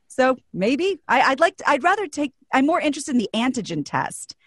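A woman's voice: high-pitched, very animated, a little fast, husky, dry recording, clean studio sound. A woman reading the news on a comedy podcast, chatting and telling stories casually. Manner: chatty, storytelling.

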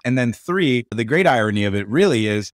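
A man guest from Florida on a podcast interview, telling a story in an upbeat, animated way. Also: mid-range voice, a little fast, no echo, studio quality. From Tampa Bay, Florida. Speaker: guest entrepreneur.

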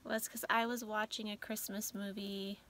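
A woman's voice: mid-range voice, little pitch movement, moderate pace, slight background noise. A middle-aged woman chatting casually to her vlog viewers at night, emotional and tired, often dropping into a near-whisper. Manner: emotional, soft-spoken, drifts into whispers. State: teary and tired at bedtime. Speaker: vlogger.

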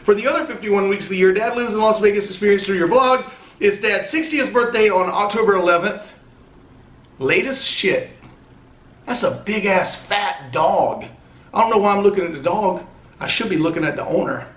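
A man's voice: sits high, normal speed, a bit bright. A man opening fan mail on a casual vlog, chatty and rambling, swearing now and then. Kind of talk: casual chat. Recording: echoey room.

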